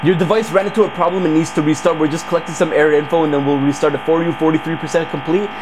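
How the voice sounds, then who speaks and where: A man's voice: on the high side, steady tone, racing, music in the background. A man giving hyped, jokey commentary while running computer viruses on screen, yelping whenever something sudden happens. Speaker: YouTuber testing computer viruses. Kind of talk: casual screen-recorded commentary.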